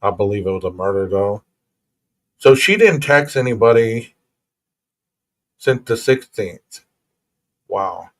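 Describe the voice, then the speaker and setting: A man's voice: lowish voice, very animated, slow pace, long pauses, fairly bright tone. A man hosting a true crime podcast, reading official reports aloud in a plain voice and breaking off to talk casually to his listeners. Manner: casual, reads documents then comments to listeners. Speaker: podcast host.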